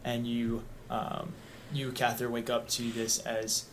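Brief: man, easygoing tabletop game master, mid-range voice, unhurried narration. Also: medium pitch, completely flat delivery, noisy background. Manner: easygoing, lots of "um", unhurried scene-setting.

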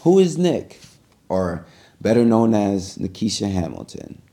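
Relaxed low-voiced male podcast host. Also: measured pace. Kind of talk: casual podcast interview.

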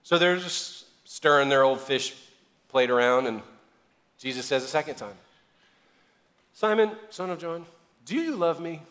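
A male pastor preaching a sermon, animated, joking and acting out dialogue, building to loud emphatic passages. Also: fairly high pitch, a little slow, long pauses, long reverb tail.

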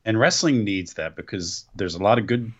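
An opinionated man in casual conversation, sharing enthusiastic views as a co-host. His voice sits fairly low but moves through a wide range of pitch. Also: animated, moderate pace, lo-fi sound. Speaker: podcast co-host. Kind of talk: casual chat.

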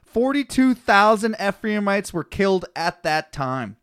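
A man's voice: high voice, sing-song, measured pace, a bit bright, clean tone, no room sound, studio quality. A man co-hosting a comedy podcast, reading scripture aloud with stumbles and swearing freely. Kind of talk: casual comedic chat.

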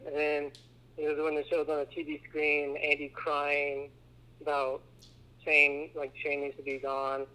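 A man's voice: on the high side, completely flat delivery, a little slow, pushed and bright, clear, resonant tone, low-quality recording. A man co-hosting a podcast, recapping a movie casually and acting out the characters' lines in put-on voices. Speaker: podcast co-host.

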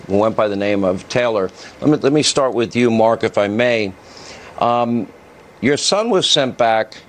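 Measured male news host, lowish voice. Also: rough recording. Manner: measured, formal broadcast delivery. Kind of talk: news interview introduction.

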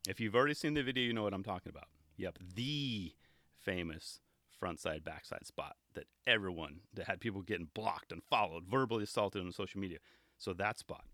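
A man hosting a show, chatting casually and excitedly as he reviews skate video clips, often restarting his sentences and laughing. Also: low voice, brisk, no room sound, studio quality.

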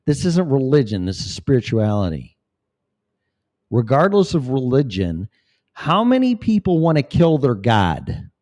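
A man's voice: medium pitch, wildly swooping pitch, measured pace, darkish tone. A man talking in a rambling, profane, preachy monologue as a vlogger. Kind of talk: casual monologue.

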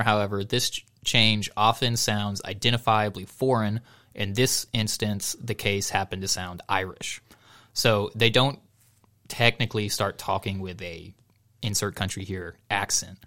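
A man's voice: lowish voice, bright, forceful tone. A man co-hosting a casual podcast, reading a news article aloud and chatting, laughing often as he goes.

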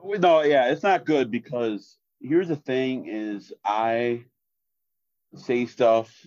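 A man, co-hosting a casual podcast chat in a flat, deadpan way with lots of fillers. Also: mid-range voice, slow, dry recording, highs cut off. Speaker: podcast co-host.

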